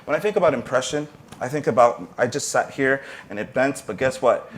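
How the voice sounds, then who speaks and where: A man's voice: mid-range voice, brisk, a little hiss or hum. Male professor, panel guest; earnest, motivational delivery, mid-range voice. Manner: earnest, motivational, with brief restarts. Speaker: panelist, arts entrepreneurship professor. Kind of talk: panel discussion talk.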